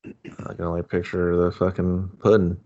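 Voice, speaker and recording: A man's voice: deep voice, monotone, normal speed, a little mellow. A man co-hosting a podcast, joking and riffing on scene ideas in casual movie chat. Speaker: podcast co-host. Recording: dull lo-fi sound.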